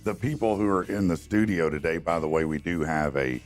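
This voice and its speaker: Male morning-show host, very low voice, upbeat and loose, studio mic with faint music under him. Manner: upbeat, loose, drawn-out fillers. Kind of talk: casual morning show chat.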